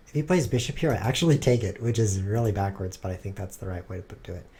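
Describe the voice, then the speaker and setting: A man streaming himself playing chess, thinking aloud and cracking dry, deadpan jokes in low muttered asides. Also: fast talker, slightly rough.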